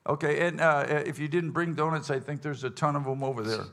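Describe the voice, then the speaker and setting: A man's voice: on the high side, steady tone, a little fast, a bit bright. A man leading his band's casual question session with a live audience, rambling and folksy, full of fillers and restarts. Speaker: bandleader hosting a audience Q&A. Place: event hall with live audience.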